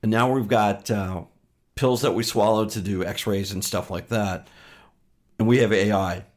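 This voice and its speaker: A man with a somewhat low voice chats casually as a podcast co-host. He speaks haltingly and fills his pauses, keeping an easygoing tone. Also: fairly even intonation. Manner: halting, laughs easily, many fillers. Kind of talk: casual chat.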